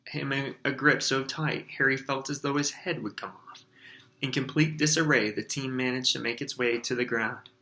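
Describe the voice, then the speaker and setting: A man, a teacher, reading a storybook aloud in a lively, expressive way. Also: mid-range voice.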